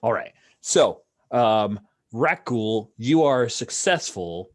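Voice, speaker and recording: A man running a tabletop role-playing game as game master, in a relaxed, chatty way with pauses. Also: mid-range voice, no echo, clean studio sound.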